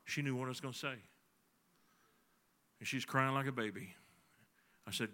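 A middle-aged man preaching a sermon, telling a folksy personal story that swings between soft, confiding passages and emphatic ones. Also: medium pitch, moderate pace, pauses often. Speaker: pastor.

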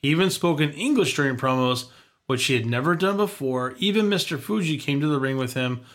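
A man's voice: on the high side, animated, a little fast, a bit bright, slight background noise. A man hosting a casual chat show, reading prepared notes and dropping wry quips. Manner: wry, reads facts with quips. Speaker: podcast host.

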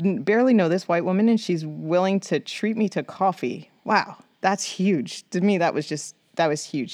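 Lively storytelling woman from the Bronx. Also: no room sound, clean studio sound. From the Bronx, New York. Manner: animated, acts out quoted voices with big pitch jumps. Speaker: guest. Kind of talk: storytelling in a podcast interview.

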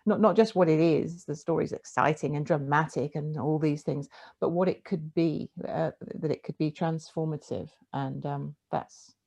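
A woman writer in conversation, telling animated, self-mocking stories. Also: low-pitched, normal speed, vocal fry. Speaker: writer, interviewee. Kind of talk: casual conversation.

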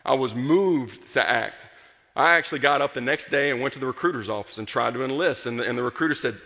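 A pastor preaches earnestly and passionately, building to strong emphasis before falling quiet, his bright, forceful voice at a mid-range pitch and a quick pace. A long reverb makes it ring as if in a large hall.

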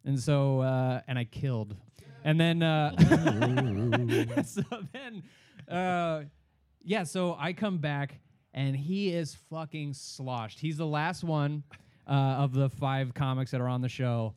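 A man's voice: a little high, takes it slowly, smooth, no room sound. A young man, a stand-up comedian, telling a story in casual chat and acting out other people's voices. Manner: animated, acts out other people's voices, swears a lot.

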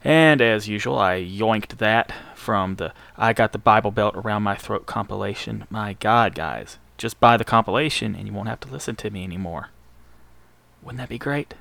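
A man's voice: lowish voice, moderate pace, creaky, fairly bright tone, dry recording. A male radio host with a Southern accent, back-announcing punk songs in a casual, profane, joking manner.

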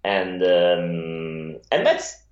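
A man's voice: low voice, expressive, extremely slow, echoey room, dull audio. A middle-aged Italian man with an Italian accent, telling his story as a guest in a rambling, laughing interview chat. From Italy. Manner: rambling, many restarts and laughs. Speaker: guest photographer.

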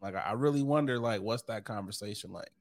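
A man's voice: fairly low pitch, fast talker. A man co-hosting a podcast, chatting casually and joking loosely, often laughing at his own bits. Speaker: podcast co-host. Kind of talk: casual banter.

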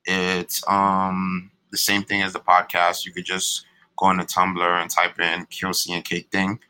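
A man's voice: low voice, completely flat delivery, measured pace, sharp tone, smooth, poor audio. A young man co-hosting a casual couple podcast, laid-back and profane, laughing often. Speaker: podcast co-host.

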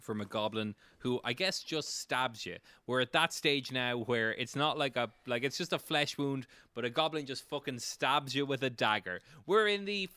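Bright, crisp-voiced male game master. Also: mid-range voice, lively intonation, moderate pace, hardly any pauses, no echo. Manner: rambling, profane, many fillers. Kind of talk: narrating a tabletop game, casual.

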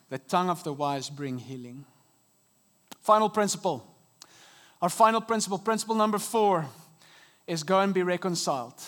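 A high, light-voiced man preaches an earnest sermon from a church stage. He swings between soft, hushed moments and emphatic rises, and his voice comes through a stage microphone. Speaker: pastor. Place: church auditorium.

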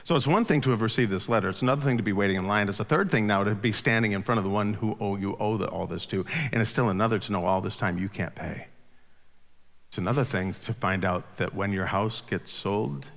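A man preaching a sermon who keeps asking the congregation questions, swinging between loud, urgent lines and hushed ones. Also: fairly low pitch, fast talker, creaky. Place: church sanctuary with congregation. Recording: long hall reverb.

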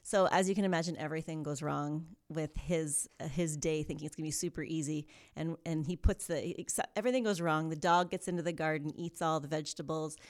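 A woman guest talks in a casual podcast interview. She tells stories in an animated, upbeat way. Her voice is low for a woman. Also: a little fast, hardly any pauses. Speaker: yoga studio co-founder, guest.

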